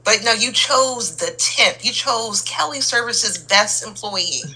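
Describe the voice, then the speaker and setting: Bright-voiced exasperated woman. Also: fairly high pitch, lively intonation, slow, husky, poor audio. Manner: exasperated and opinionated. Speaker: co-host of a soap opera recap. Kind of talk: casual chat.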